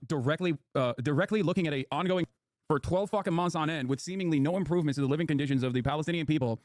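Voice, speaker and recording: A young man streams and reacts to the news in a rapid, sarcastic, heated rant, swearing freely. His voice sits a little high for a man. The recording is dry and close. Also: dry recording. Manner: sarcastic, fast-talking, profane, heated. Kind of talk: casual live commentary while gaming.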